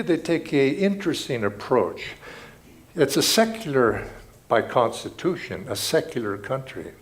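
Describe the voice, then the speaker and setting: Lively earnest man giving a spiritual talk. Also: medium pitch. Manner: earnest, storytelling, reflective. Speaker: spiritual speaker.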